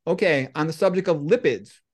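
A middle-aged man hosting a podcast, telling comic stories in a deadpan, rambling way with lots of asides. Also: fairly high pitch, fairly quick. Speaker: podcast host. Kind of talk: comic monologue and storytelling.

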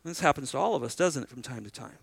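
A man's voice: medium pitch, expressive, quick pace, gravelly, fairly bright tone, slightly rough, dry recording. A middle-aged man preaching a sermon as pastor, conversational, asking the congregation rhetorical questions and acting out short exchanges.

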